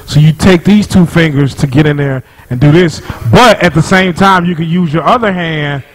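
Animated storytelling man, slightly high voice. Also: normal speed, a crowd in the background, low-quality recording. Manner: animated storyteller who laughs often. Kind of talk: casual chat.

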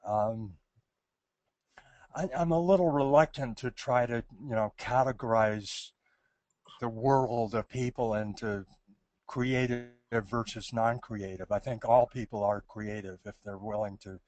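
Slow, hesitant man answering questions. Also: mid-range voice, darkish tone, no echo. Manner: hesitant, many restarts and fillers. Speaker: presenter answering audience questions. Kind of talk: thoughtful Q&A talk.

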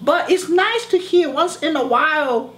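A man's voice: very high voice, a little slow, fairly bright tone, roomy sound. A man playing a dramatic middle-aged immigrant mother who speaks broken English. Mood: flirty.

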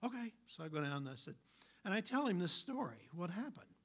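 A man preaching a sermon, telling stories in an animated, folksy way. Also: high-pitched, fairly quick. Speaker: pastor.

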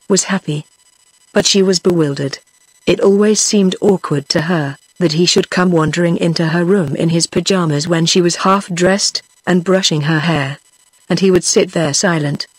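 A text-to-speech female narrator with a British accent reads the book in an even, measured way. Her voice is a touch husky and breathy. The sound is dry, with no room around it. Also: on the low side, dry recording. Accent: British English. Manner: even, measured synthetic reading. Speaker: audiobook narrator.

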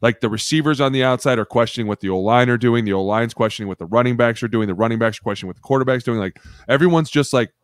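A man co-hosting a podcast who talks bluntly and swears freely while joking around. His pitch sits in an ordinary middle range. The recording is dry and close. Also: racing, hardly any pauses, clean tone, dry recording. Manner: blunt, profane, jokey. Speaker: podcast co-host, former offensive lineman. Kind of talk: casual chat.

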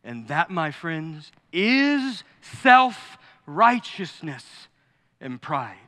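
A man preaching a sermon as pastor, animated and joking, acting out quotes and asides. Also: high-pitched, normal speed. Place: large church sanctuary. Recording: long hall reverb.

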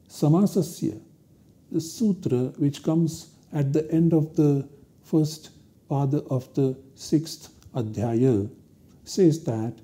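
Slow, dark-voiced lecturer. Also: male voice, a little high. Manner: slow, deliberate explanation. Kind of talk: university lecture. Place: recorded lecture studio.

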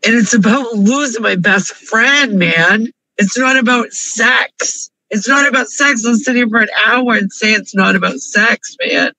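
Sitting in his parked car, a male vlogger cries through an emotional confessional video, pleading and repeating himself again and again. His high, creaky voice is pushed and bright at a measured pace with few pauses, in a low-quality recording with no echo.

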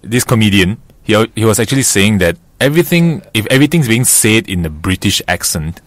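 A man rambles through a casual conversation, his pitch swinging widely from low to high. He restarts his sentences often and laughs a lot. The sound is dry and close to the mic. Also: very animated, a little fast, dry recording. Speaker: co-host. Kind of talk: casual chat.

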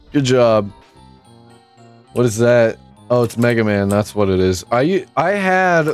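Complaining and exclaiming as he plays, a male gaming YouTuber narrates his own let's play, often making fun of himself. His voice is mid-range with a darkish tone.

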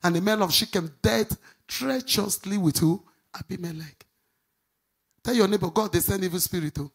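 A middle-aged woman pastor preaching a sermon, swinging from loud outbursts to quiet asides. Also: normal speed, gravelly, breathy edge. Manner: animated preaching, swinging between shouts and low asides.

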